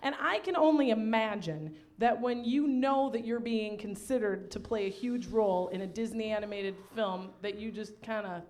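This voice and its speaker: A woman's voice: fairly high pitch, normal speed, few pauses, darkish tone. A woman hosting a live variety show, chatting enthusiastically with her guest and acting out quotes. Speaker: host. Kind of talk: casual interview chat. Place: outdoor live show at an RV park.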